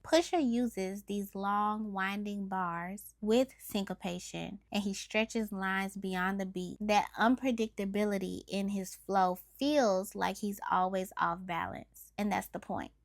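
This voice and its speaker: A woman's voice: mid-range voice, no echo, studio quality. A woman hosting a music analysis show, methodically breaking down lyrics and defining terms as she goes.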